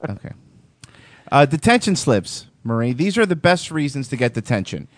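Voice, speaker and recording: A man's voice: mid-range voice, big pitch swings, moderate pace, no room sound. A man hosting a casual chat show, laughing often and steering the talk back on topic. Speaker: host.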